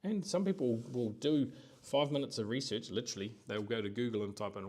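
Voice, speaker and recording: Kiwi guy ranting on his live stream, chatty, animated, middle-aged. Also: medium pitch, brisk. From New Zealand. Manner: animated, conversational, acts out quoted voices. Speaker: host.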